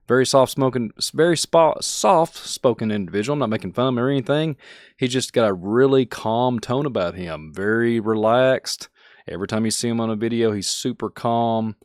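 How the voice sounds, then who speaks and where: A man hosting a conspiracy podcast, talking excitedly and folksy straight to his listeners. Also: mid-range voice, fairly quick, no room sound, clean studio sound. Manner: animated, folksy, talks straight to the audience. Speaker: podcast host.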